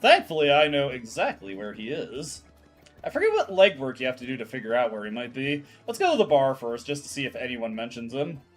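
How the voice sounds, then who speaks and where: A man's voice: medium pitch, very animated, fairly quick, faint music behind. A man streaming a video game, chatting casually and laughing easily. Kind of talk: let's play commentary.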